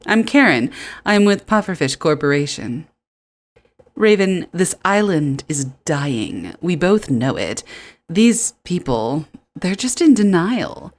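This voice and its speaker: A woman voicing a smug, scheming corporate woman in a game, speaking slowly and with a sneer. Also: on the low side, sing-song, full character voice. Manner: sneering, slow and drawn out.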